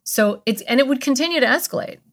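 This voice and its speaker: Fast-talking woman guest. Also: high voice. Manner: quick, energetic, explains with acted examples. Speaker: guest expert. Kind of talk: conversational interview.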